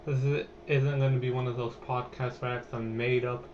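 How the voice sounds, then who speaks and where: A man's voice: mid-range voice, flat delivery, a little fast, darkish tone, lo-fi sound, slight background noise. A young man hosting a podcast, telling a personal story in a chatty, rambling way with lots of fillers. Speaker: podcast host.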